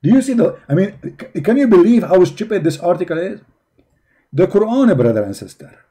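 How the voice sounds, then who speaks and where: Mocking man with a dark voice. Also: high voice, very animated, normal speed. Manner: mocking, emphatic, repeats rhetorical questions. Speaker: religion critic presenting. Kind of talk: commentary on articles.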